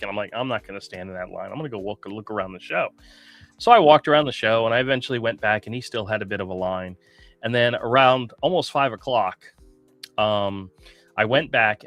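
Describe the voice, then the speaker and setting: A man's voice: mid-range voice, no echo. A man in the host's chair tells a story with real heat, and his voice climbs and drops as he gets worked up. The sound is dry and close, with faint music under it. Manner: animated storyteller, gets heated and indignant. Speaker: podcast host. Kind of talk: casual chat.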